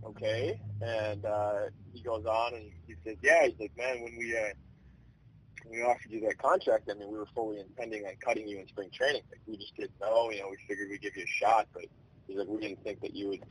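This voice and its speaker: A man in his twenties, a baseball player, telling his story in a relaxed, rambling way with many fillers. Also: on the low side, brisk, a little hiss or hum, low-quality recording. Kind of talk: casual storytelling interview.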